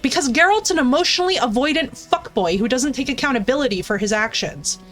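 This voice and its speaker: A woman's voice: high voice, fairly bright tone. A woman streaming a game, ranting casually and profanely while answering her chat. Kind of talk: casual live-stream commentary.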